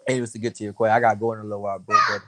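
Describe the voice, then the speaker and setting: A man's voice: lowish voice, little pitch movement, racing, background noise. A man with an American accent, a boxer chatting casually and slangily as a guest over a remote call. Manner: laid-back, slangy, "you know what I'm saying" fillers. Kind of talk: casual chat.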